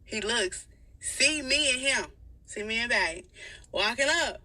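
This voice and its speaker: A woman telling a crude personal story in a casual, profane, animated way, laughing often. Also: fairly high pitch, takes it slowly, no room sound, far from the mic.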